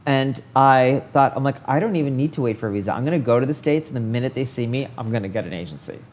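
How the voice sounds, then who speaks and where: In a casual interview, a hair stylist in his forties recounts his career, acting out what people said to him along the way. His voice is medium in pitch and he talks fast, and a faint hiss or hum runs underneath.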